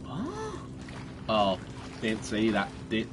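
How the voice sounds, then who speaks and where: A man's voice: lowish voice, wildly swooping pitch, very slow, over music. A young British man commentating a horror game, swearing a lot and jumping at scares. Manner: jumpy, swearing, crude jokes. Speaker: gaming streamer.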